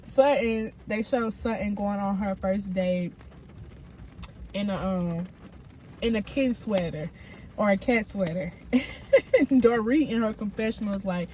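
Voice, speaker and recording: Slow-talking congested woman recapping TV. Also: mid-range voice, a little mellow, a little hiss or hum. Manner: chatty and frank, addresses viewers directly. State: has a cold, congested. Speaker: reality TV recap commentator. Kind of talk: casual recap commentary.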